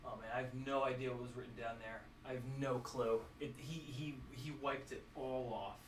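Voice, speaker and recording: A man talks casually on a live stream at a middle pitch. He laughs easily, swears freely and scolds his cat mid-sentence. A faint background hiss sits under his voice. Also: fairly even intonation, moderate pace. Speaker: drone streamer. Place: home room with glass doors.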